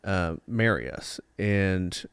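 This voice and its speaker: A young adult man co-hosting a podcast, talking casually in halting phrases with many "you know"s. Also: deep voice, animated, smooth, dry recording. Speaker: podcast co-host. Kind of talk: casual chat.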